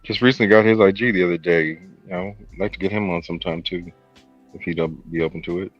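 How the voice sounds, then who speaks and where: A man with a low voice joins the show by phone from a hotel room, and the audio comes through dull and lo-fi. He talks in a laid-back way and stumbles over his words, with faint music behind him. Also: steady tone, fast. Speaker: podcast co-host. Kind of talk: casual banter on a livestream.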